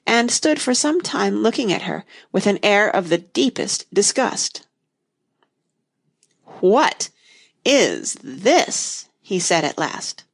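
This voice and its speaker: A woman reading a storybook aloud in an expressive, measured way. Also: mid-range voice, gravelly. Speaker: narrator.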